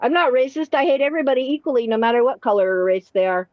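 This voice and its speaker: A woman with a high-leaning, lively voice tells crude, rambling comic stories at a very fast clip while hosting a live panel, restarting often. The stream audio is dry with no room sound and sounds slightly muffled.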